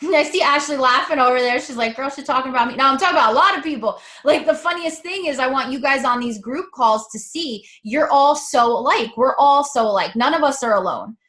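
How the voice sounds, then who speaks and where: A woman with a fairly high voice talks like a coach in a loose, casual motivational chat. She is candid and chatty and swears now and then in an easy way. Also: animated, brisk, few pauses, a bit bright.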